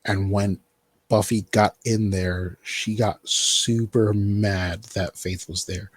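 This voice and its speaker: A man with a low, slightly husky voice chats loosely about a TV show. He rambles through fillers and asides. The sound is dry and close. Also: steady tone, slow pace, no room sound. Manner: rambling, filler-heavy, quotes characters in mock voices. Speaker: podcast host. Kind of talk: casual chat recapping a TV show.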